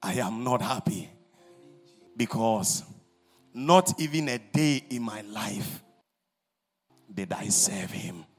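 A man voicing a dying young man who pleads in anguish, with a husky voice that cries out loudly. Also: lowish voice, expressive, takes it slowly, long pauses, faint music behind, heavily acted. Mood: sorrowful.

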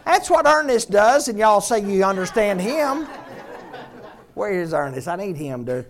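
A man's voice: high-pitched, very animated, a crowd in the background. Joking older male pastor preaching. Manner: conversational, joking, rapid-fire rhetorical questions. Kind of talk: sermon.

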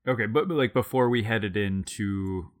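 A man's voice: lowish voice, normal speed. A man playing a tabletop game, hesitant and stammering as he proposes plans. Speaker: player. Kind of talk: casual tabletop play.

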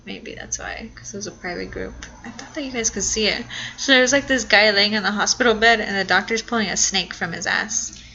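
A woman's voice: medium pitch, a little fast, sharp tone, slight background noise. A woman co-hosting a podcast in casual chat, giggly and chatty. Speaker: podcast co-host. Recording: dull, muffled sound.

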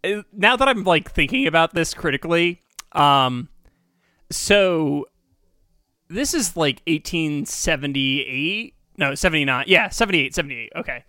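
A man's voice: fairly high pitch, expressive, measured pace, pushed and bright, no echo, clean studio sound. A man co-hosting a casual comedy podcast, riffing and laughing often, with lots of "like" fillers. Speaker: podcast co-host.

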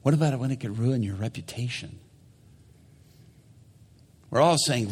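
A man's voice: fairly low pitch, fairly quick, pauses often, big-room sound. A male pastor preaching a sermon, telling a story animatedly and acting out the people in it.

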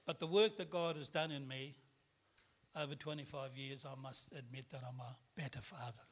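A man's voice: mid-range voice, fairly even intonation, moderate pace. A middle-aged man, a guest preacher giving a candid personal testimony sermon, laughing at himself as he tells it. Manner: candid storytelling with self-deprecating laughs.

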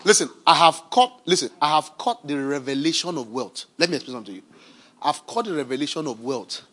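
A man preaching a sermon as pastor, swinging from shouted declarations to quiet, chatty asides. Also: a little high, expressive, a little fast.

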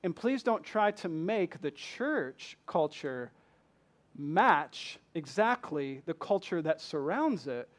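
Passionate higher-voiced preacher with a Southern accent. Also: male voice. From Michigan. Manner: passionate, asks the congregation many rhetorical questions. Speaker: pastor. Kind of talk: sermon. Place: church.

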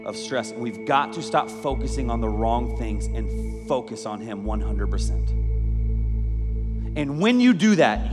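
A man preaching a sermon as a youth pastor, energetic and jokey, mixing scripture with personal stories. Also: medium pitch. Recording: reverberant hall with music behind.

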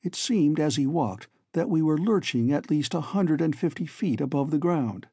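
A man narrating a story in the first person as an audiobook reader, in a measured, steady storytelling manner. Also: a little high, slightly rough, dry recording, studio quality.

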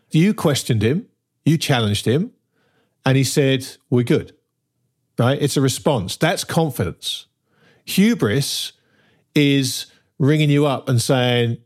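A man's voice: mid-range voice, expressive, unhurried. A man co-hosting a casual talk show, emphatic and arguing his points step by step, often checking in with "right?". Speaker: podcast co-host. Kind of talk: casual chat.

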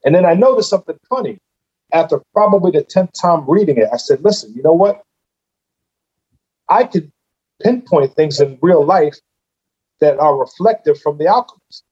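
A man guest talks through a story in relaxed conversation, his voice sitting a little high. He gets animated and acts out his own reactions as he goes. The recording sounds somewhat dull and muffled. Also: moderate pace, pauses often, slightly rough. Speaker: podcast guest, businessman.

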